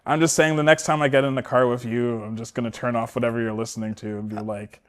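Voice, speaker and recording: A man's voice: medium pitch, fast. A man co-hosting a podcast, recapping a film in casual chat and acting out the characters' lines as he goes. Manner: animated storytelling, acting out characters' lines with laughs. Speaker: podcast co-host.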